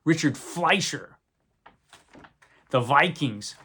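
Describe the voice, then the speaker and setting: A man's voice: on the high side, animated, slow, bright, forceful tone, slightly rough. A man hosting a video, casually talking through films he likes with wry, rambling asides and frequent self-corrections. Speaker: video host reviewing movies. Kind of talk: casual unscripted talk to camera.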